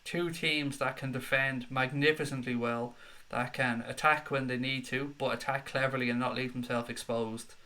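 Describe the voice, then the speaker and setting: A young man hosting a football fan live stream, chatting excitedly and reading out viewer comments. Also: medium pitch, moderate pace. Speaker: football fan channel host. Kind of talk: live-stream chat reaction.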